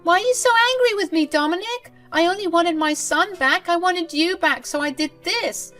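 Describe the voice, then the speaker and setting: A woman voicing a spiteful, scheming older grandmother who talks in a shrill, self-pitying, indignant way. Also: normal speed, a bit bright, faint music behind. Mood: shrill pleading.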